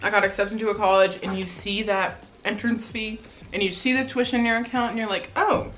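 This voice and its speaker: A woman's voice: mid-range voice, steady tone, fairly quick, a bit bright, rough recording. A teenage girl from Colorado chatting casually in a mukbang vlog, full of "like" fillers while she eats. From Colorado, USA. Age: teens. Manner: chatty, lots of "like" fillers, talks while eating. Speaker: vlogger.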